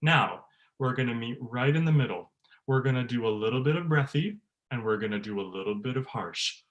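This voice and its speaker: A man, a bass-baritone voice teacher, leading an online workshop for choir singers, laughing often and demonstrating sounds. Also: lively intonation, brisk, lo-fi sound. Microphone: video call.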